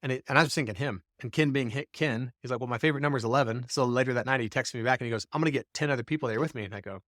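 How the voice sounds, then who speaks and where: A man co-hosting a podcast, spinning a long story in an easygoing, animated way. He slips into the voices of the people he quotes. His voice sits in a middle register and the sound is close and dry, with no room around it. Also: mid-range voice, rapid-fire, dry recording. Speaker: podcast co-host. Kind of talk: casual storytelling.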